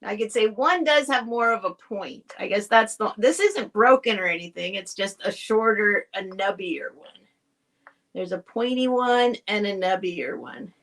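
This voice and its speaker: Here the vintage seller speaks at medium pitch with lively intonation and a fairly bright tone, never hurrying. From her home setup she chats casually with viewers during the live sale, rambling and restarting as she goes.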